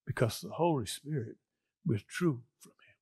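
A male pastor preaching a sermon with earnest emotion, dropping to near-whispers and rising to loud exclamations as he reads and explains scripture. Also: medium pitch, lively intonation, moderate pace, husky.

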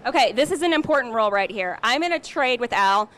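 High-voiced bubbly woman reporter. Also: fast talker, a little hiss or hum. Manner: bubbly, excited. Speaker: live field reporter. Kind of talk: live TV news feature.

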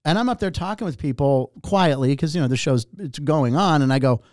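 A middle-aged man, a comedian and warm-up host, telling an animated, profane story and acting out other people's lines. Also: fairly high pitch, brisk, dry recording, clean studio sound. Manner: animated, profane, acts out other voices in anecdotes. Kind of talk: casual storytelling.

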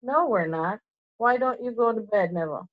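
A woman's voice: on the high side, expressive, normal speed, lightly acted. Storybook reading: woman doing an earnest young witch, sorry but firm, muffled lo-fi sound. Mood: anxious. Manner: earnest, apologetic. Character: anxious, earnest schoolgirl witch, apologetic.

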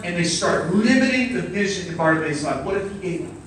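A man preaching a sermon in a church hall, animated and acting out the people in the story. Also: high voice, fast, hardly any pauses, a little hiss or hum. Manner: animated, acts out quotes and shouts. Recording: very echoey hall, mic at a distance.

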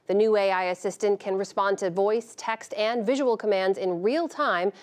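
A woman news anchor reading a scripted story and interviewing a guest with a measured, clear delivery. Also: mid-range voice.

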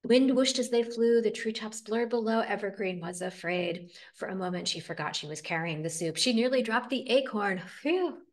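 A woman reading a picture book aloud with expressive, dramatic storytelling. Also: mid-range voice, a little fast, hardly any pauses. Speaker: storybook reader.

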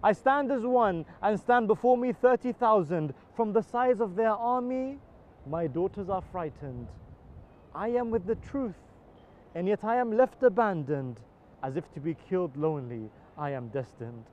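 A man's voice: high voice, lively intonation, measured pace, highs cut off, slight background noise. A man giving an impassioned religious poem recitation at a live outdoor event, his voice swelling on the big lines. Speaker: poetry reciter.

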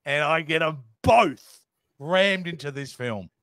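A middle-aged Australian man co-hosting a casual film chat, playful and quick to laugh. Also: on the high side, animated, fairly bright tone, no room sound. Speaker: co-host.

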